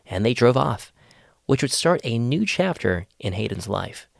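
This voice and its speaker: Gravelly man narrating a podcast. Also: mid-range voice, sing-song, unhurried, dry recording, clean studio sound. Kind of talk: scripted narration.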